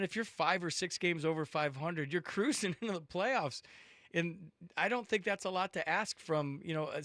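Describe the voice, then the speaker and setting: A man's voice: on the high side, fairly bright tone, no room sound, clean studio sound. A man hosting a sports call-in radio show, talking emphatically and repeating words for stress.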